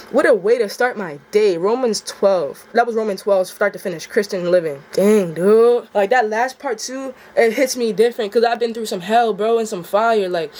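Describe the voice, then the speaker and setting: A woman's voice: medium pitch, moderate pace, few pauses, a little mellow. A young adult woman vlogging about her faith, reading scripture and then talking in a heartfelt, slangy way, often saying "bro.".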